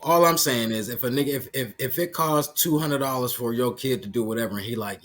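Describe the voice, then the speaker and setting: Male podcast co-host, husky voice, argumentative, likes to play out quotes. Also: mid-range voice, lively intonation, fast talker, few pauses, fairly bright tone. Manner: argumentative, interrupts, acts out quotes. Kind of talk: heated casual debate.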